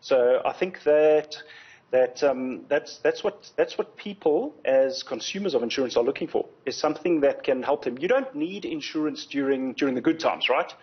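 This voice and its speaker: A man speaks as a guest on a TV news interview, explaining at a measured pace and repeating words as he gathers his thoughts. His voice is a little husky and sits in a middle register. The audio sounds slightly dull and muffled. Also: medium pitch, animated. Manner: measured, explanatory, frequent word repetitions. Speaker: insurance company executive, guest.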